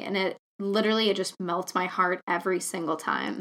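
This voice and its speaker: A woman's voice: on the low side, fairly even intonation, fairly quick, fairly bright tone. A young woman hosting a solo podcast, talking in an earnest, chatty way with many casual fillers. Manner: earnest, chatty, lots of fillers like "you know". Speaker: podcast host.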